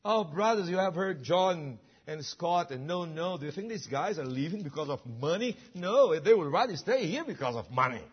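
A man's voice: on the high side, lively intonation, moderate pace, hardly any pauses, breathy edge, lo-fi sound. A man preaching a sermon, emphatic and full of rhetorical questions. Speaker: pastor.

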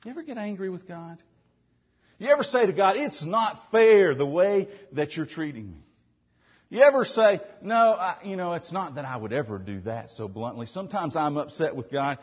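A man's voice: on the high side, normal speed, slightly rough, long reverb tail, highs cut off. A man preaching a sermon as a pastor, asking the congregation frequent questions. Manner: asks the congregation frequent questions, with animated emphasis.

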